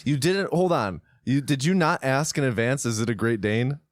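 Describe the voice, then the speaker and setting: A man's voice: mid-range voice, normal speed, no room sound, studio quality. A man co-hosting a film podcast, teasing his co-host and cutting in with questions in casual chat. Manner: playful, teasing, interrupts with questions.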